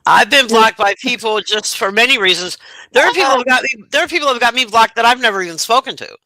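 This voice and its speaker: A man in a casual online voice chat, telling animated stories, acting out his own reactions and swearing freely. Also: very high-pitched, quick pace, no room sound, poor audio.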